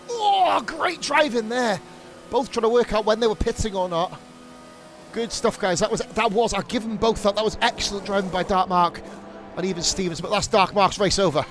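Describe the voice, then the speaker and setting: Excitable high-voiced man commentating races. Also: brisk, soft background music. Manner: excitable, rambling, swears freely and goes off on rants. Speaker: league streamer and race commentator. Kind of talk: live sim-racing commentary.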